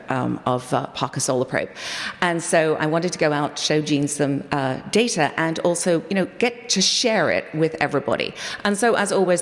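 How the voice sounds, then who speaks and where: Low-voiced woman telling a memorial story. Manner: animated storytelling with quoted dialogue. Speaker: project scientist sharing memories. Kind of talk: memorial tribute speech. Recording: long hall reverb.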